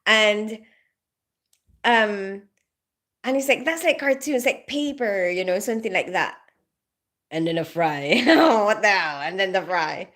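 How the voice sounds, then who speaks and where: Bright, giggly woman chatting on a livestream. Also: medium pitch, lively intonation, a little slow, pauses often. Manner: chatty and giggly, greeting viewers. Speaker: nurse livestreamer. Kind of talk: casual livestream chat.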